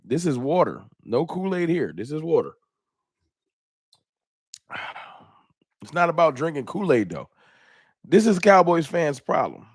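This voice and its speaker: Animated man hosting a live fan stream. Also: fairly high pitch, a little slow, pauses often, breathy edge, no echo, studio quality. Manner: animated, greets chatters by name, slangy. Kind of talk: casual live-stream chat.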